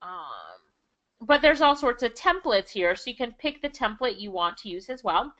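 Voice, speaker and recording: Bright-voiced enthusiastic Jamaican woman teaching. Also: fairly high pitch, expressive, moderate pace. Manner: enthusiastic, chatty, laughs often. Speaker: online income instructor. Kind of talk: screen-share tutorial. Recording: slightly dull lo-fi audio.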